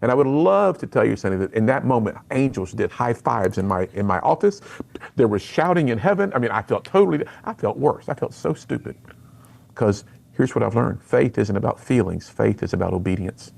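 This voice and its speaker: Gravelly, husky middle-aged man telling his story. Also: medium pitch, a little fast. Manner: earnest, animated, acts out quoted lines. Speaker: radio guest, speaker to students. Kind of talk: personal storytelling in an interview.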